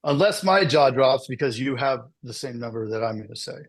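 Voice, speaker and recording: A middle-aged man giving a casual motivational talk to insurance agents, telling his story with lively asides. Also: mid-range voice, fairly quick. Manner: animated storytelling with frequent "right?" asides. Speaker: business speaker presenting to agents.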